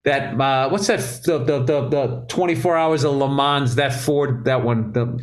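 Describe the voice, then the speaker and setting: A man co-hosting a casual comedy podcast, profane and rambling, with sudden excited bursts. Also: medium pitch, a little slow. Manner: profane, ranting, rambling asides; loose and jokey, with bursts of excited speech. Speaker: comedian co-host.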